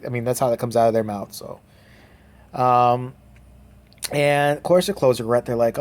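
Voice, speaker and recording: A man's voice: medium pitch, fairly even intonation, a little mellow. Rambling, profane male movie reviewer. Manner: rambling and profane, with frequent fillers; mimics characters in quick quoted voices. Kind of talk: casual spoken movie review.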